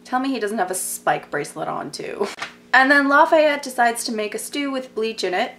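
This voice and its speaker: A woman's voice: on the high side, animated, normal speed, fairly bright tone, slight background noise. A young woman in a casual TV recap vlog, chatty and gossipy, filling her talk with "like" and sarcastic asides. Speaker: vlogger.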